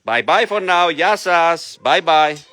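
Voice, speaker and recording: A man's voice: on the high side, lively intonation, takes it slowly, pushed and bright, no echo. A middle-aged man with a Greek accent, running an animal shelter, who talks to the camera in simple, slightly broken English and coaxes his dogs by name. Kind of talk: casual vlog talking to camera and dogs.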